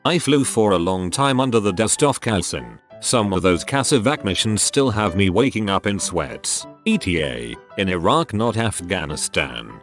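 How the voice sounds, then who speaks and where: Low-voiced man reading stories aloud. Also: very animated, normal speed, few pauses, soft background music. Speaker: story narrator.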